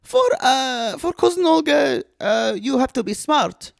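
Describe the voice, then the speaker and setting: A man voicing a scheming, world-weary woman cousin named Olga, talking in halting, broken English with dramatic pauses in an improvised comic bit. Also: very high voice, animated, vocal fry, no echo, clean studio sound, voice pushed up, exaggerated voice.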